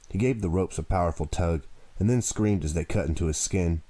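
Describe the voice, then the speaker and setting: A man reading a teen thriller audiobook in steady, measured narration. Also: low voice. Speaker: audiobook reader. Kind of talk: scripted narration.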